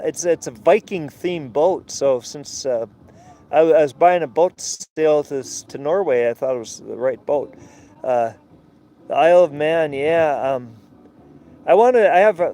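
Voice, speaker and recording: A man's voice: fairly high pitch, dark tone. A man talking in a casual, rambling way with many fillers, outdoors. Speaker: vlogger and sailor.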